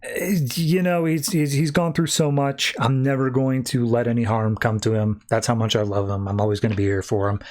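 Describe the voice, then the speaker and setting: A devoted female warrior hero, calm and reassuring as a man puts her on. The voice barely leaves his own plain speaking voice. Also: medium pitch, fairly quick, hardly any pauses, natural voice. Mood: tender.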